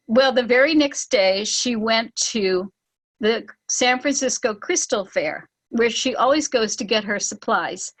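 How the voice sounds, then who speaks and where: A woman leading a spiritual online gathering, telling a story with lively acted-out quotes and laughs. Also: fairly high pitch, measured pace, poor audio. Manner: animated, acts out quoted voices with laughs. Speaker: spiritual teacher and ceremony leader. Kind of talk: storytelling talk on an online call.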